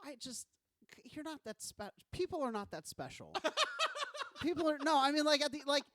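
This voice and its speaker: A man co-hosts a podcast in loose, joking chat, acting out quoted lines with a high voice that swings widely. The sound is close and dry. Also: wildly swooping pitch, moderate pace, pushed and bright, no echo. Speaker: podcast co-host. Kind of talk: casual chat.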